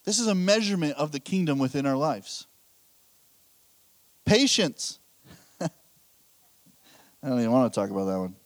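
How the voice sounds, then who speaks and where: Lively, high-pitched male pastor preaching. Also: normal speed, long pauses, no echo. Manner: candid, self-deprecating storytelling with laughs. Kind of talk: sermon.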